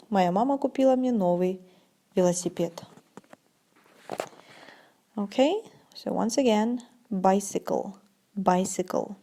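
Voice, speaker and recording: A woman teaching an English vocabulary lesson, saying each word slowly and clearly, then translating it. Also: mid-range voice, dark tone. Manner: slow, deliberate pronunciation drills.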